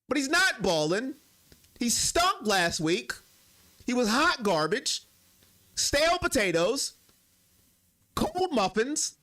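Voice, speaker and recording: Young guy on a sports livestream, high voice jumping all over, talks back to the chat, rants a lot. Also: slow pace, pauses often. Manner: animated, swings between loud rants and low apologies. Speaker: sports live stream host. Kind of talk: live stream chat, reading viewer comments.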